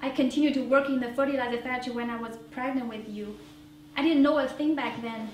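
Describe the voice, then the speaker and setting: A woman's voice: high voice, steady tone, quick pace, darkish tone, close to an everyday voice. A woman doing a tender, apologetic mother. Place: small theater stage. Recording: roomy theater, distant mic, faint hiss.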